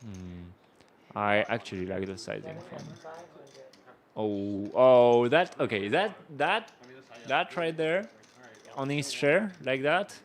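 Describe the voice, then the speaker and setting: A man with a French accent commentating live poker, reacting to the action with quick gasps and laughs. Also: mid-range voice.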